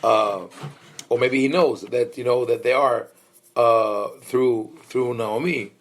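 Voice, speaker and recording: Male rabbi giving a study lecture; reflective and explanatory, medium pitch, hesitant and conversational. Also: fairly even intonation, slow. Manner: thoughtful, explanatory, many fillers and restarts; engages listeners with questions. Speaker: rabbi teaching a class.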